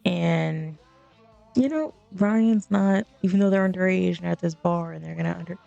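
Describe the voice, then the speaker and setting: A woman chats her way through a life-simulation game, rambling from one thought to the next and laughing to herself. Her voice sits on the low side with a gravelly fry, and she keeps it loose and unscripted. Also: normal speed, dark tone, no room sound, dull audio, soft background music. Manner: chatty, rambling, laughing asides. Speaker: let's play streamer. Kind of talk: casual gameplay commentary.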